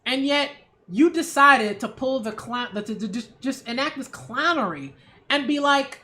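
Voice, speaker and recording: A woman's voice: high voice, animated, unhurried, pushed and bright. A woman hosting her own channel, giving a casual opinion rant with emphatic, sarcastic delivery and frequent rhetorical "right?" check-ins. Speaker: culture critic and channel host.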